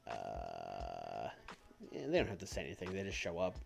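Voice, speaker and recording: A man's voice: extremely low pitch, huge pitch swings, moderate pace, vocal fry. A man streaming a game, talking casually and offhand, thinking aloud and swearing now and then. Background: faint background music.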